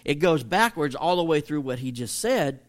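A man's voice: a little high, lively intonation, moderate pace. Chatty man teaching Scripture. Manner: chatty, emphatic, joking with listeners. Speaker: pastor teaching a Bible study. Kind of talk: casual evening Bible teaching.

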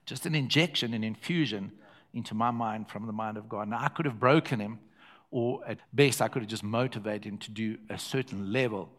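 A man's voice: lowish voice, brisk, a bit bright. An older man with a South African accent, preaching a sermon built around a personal story and repeating phrases for effect.

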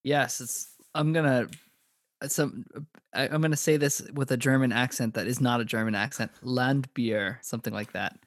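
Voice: medium pitch, steady tone, a little fast. A podcast co-host chatting casually, playful and self-mocking. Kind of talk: casual chat.

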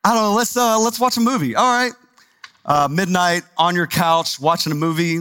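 High-voiced pastor preaching, dry sound. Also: male voice, moderate pace, sharp tone, clear, resonant tone, dry recording. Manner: conversational, emphatic, repeats words for stress. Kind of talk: sermon.

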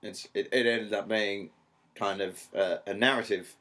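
A man's voice: lowish voice, measured pace. A middle-aged man, a stand-up comedian, telling a rambling story in a casual interview, swearing freely and acting out what others said. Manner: rambling, animated, swears freely, acts out quotes.

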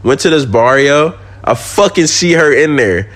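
A man's voice: mid-range voice, animated, unhurried. Slangy young man telling a story. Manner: slangy, swearing, laughs while telling stories. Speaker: podcast guest. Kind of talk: casual storytelling.

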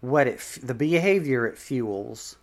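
A man with an everyday mid-range voice, co-hosting a laid-back podcast conversation. He muses slowly and tentatively, hedging his points and working out his thoughts as he goes. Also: medium pitch, animated. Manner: reflective and tentative, with many hedges. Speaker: podcast co-host. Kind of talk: casual conversation.

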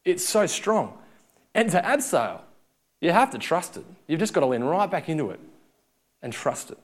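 A man's voice: a little high, moderate pace. Aussie guy preaching to a youth crowd, chatty storyteller, voice swoops up and down. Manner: lively, conversational storytelling with acted-out quotes. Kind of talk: sermon.

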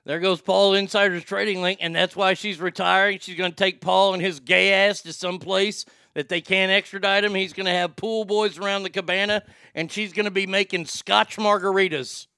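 Podcast host, man, high gravelly voice, mocking comedic delivery. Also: steady tone, normal speed, hardly any pauses, no room sound, studio quality. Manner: loud, mocking, laughs at his own jokes. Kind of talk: casual comedic commentary.

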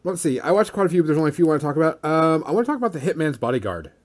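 A man's voice: fairly high pitch, very animated, very fast. A man co-hosting a casual movie chat, easygoing and enthusiastic, with hesitant fillers. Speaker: podcast co-host.

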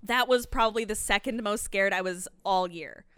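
Young woman podcast host, crisp and bright, dry close mic, lively swearing storyteller. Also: medium pitch, moderate pace, no room sound. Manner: animated, swears freely, acts out her own panicked quotes. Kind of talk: casual storytelling chat.

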